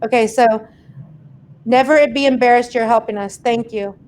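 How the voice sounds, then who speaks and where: A woman's voice: on the high side, normal speed, darkish tone. A woman hosting a casual livestream, chatting and laughing as she reads out viewers' comments and thanks them by name. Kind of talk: casual live chat.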